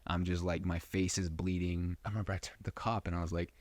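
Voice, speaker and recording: A young man with a low voice tells a rambling personal story as a podcast host. He swears a lot and drops fillers everywhere. The sound is close and dry. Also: flat delivery, fast, no room sound. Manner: profane, rambling, full of fillers. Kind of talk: casual storytelling.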